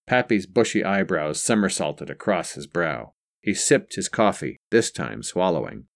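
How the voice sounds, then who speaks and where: A man narrating a story in a measured, even reading voice. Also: deep voice. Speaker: audiobook narrator. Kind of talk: scripted narration.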